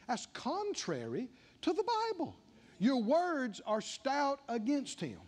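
Man, older, preacher, high-pitched, emphatic sermon delivery, acts out dialogue. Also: wildly swooping pitch, slow pace, a little mellow.

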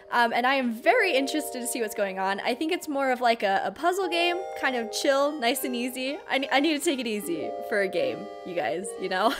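A woman hosts a let's play of a cute game, giggly and playful throughout. Her voice is high and swings in lively leaps. She talks into a desk microphone, with faint game music behind. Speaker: gaming channel host.

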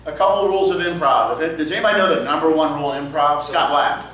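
A man teaching an improv workshop in an upbeat, chatty way, sprinkling in quick asides. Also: on the high side, fairly bright tone, slight background noise. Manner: upbeat, quick asides, frequent "cool" and "okay". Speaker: improv coach. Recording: echoey room, far from mic.

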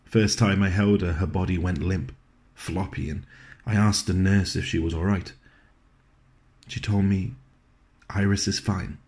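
A man performing a scripted dramatic monologue, telling his story in a gentle, wry way with low, soft passages. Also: steady tone, unhurried, pauses often.

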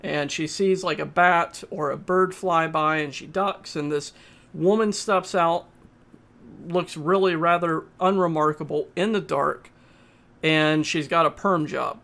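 A man giving a casual, halting spoken movie review, often pausing and restarting his sentences. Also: a little high, fairly even intonation, gravelly, a bit bright. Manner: plain, halting, with frequent uhs and restarts.

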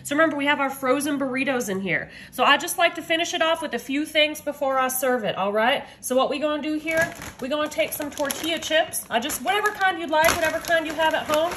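Woman home cook, high bright voice, chatty and upbeat, faint kitchen hum. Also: fast, hardly any pauses. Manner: chatty, upbeat, addresses viewers as y'all. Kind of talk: casual cooking demo.

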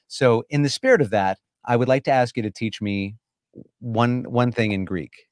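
A man's voice: medium pitch, moderate pace, no echo. A man hosting a live stream, chatting with a guest in an effusive, enthusiastic way. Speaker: host. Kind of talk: casual live-stream chat.

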